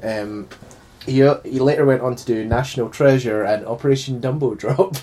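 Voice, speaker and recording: A man's voice: medium pitch, moderate pace, mellow. A man with a dry sense of humour, reading out film facts on a casual podcast. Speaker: podcast co-host. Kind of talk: casual chat.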